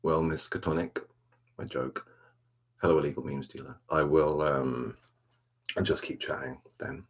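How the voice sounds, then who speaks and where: A very deep, gravelly man chatting softly on an ASMR live stream. He rambles in a laid-back, self-mocking way, answering the chat. His voice is husky. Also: fairly even intonation, normal speed, pauses often. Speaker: ASMR livestream host.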